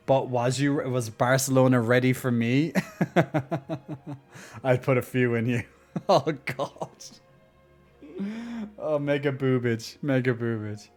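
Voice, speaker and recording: A man's voice: mid-range voice, darkish tone. A man streaming live and chatting casually, joking a lot, laughing often and restarting his sentences.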